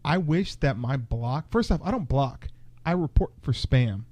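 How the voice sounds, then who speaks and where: Laid-back tipsy man, dark voice. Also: medium pitch, lively intonation, measured pace, no room sound. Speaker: podcast co-host. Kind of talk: casual drunk podcast chat.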